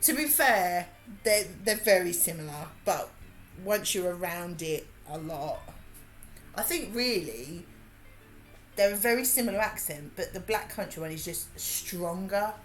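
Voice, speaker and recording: A woman's voice: fairly low pitch, expressive, unhurried, fairly bright tone. Chatty woman with a Brummie twang. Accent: Birmingham. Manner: chatty, laughing, rambling. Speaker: livestream host. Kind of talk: casual chat while crafting.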